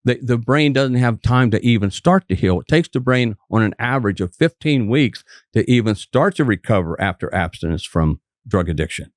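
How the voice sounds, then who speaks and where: A man's voice: mid-range voice, animated, moderate pace, hardly any pauses, no echo, studio quality. An older man from West Virginia, a former trooper turned physician, telling folksy stories as a guest and acting out the quotes. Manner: folksy anecdote teller, acts out quotes. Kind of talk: casual storytelling interview.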